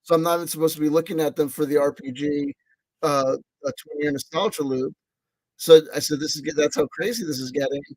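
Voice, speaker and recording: A man vlogging in a rambling casual monologue, excitable and self-mocking, repeating himself, swearing and laughing as he talks. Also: fairly high pitch, a little fast, vocal fry, no echo.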